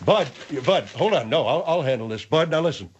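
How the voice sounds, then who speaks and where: A man's voice: fairly high pitch, animated, slightly rough, muffled recording, pitched above the performer's own voice. A man voicing a hot-tempered, blustering man called the General. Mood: angry. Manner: blustering, quick to anger.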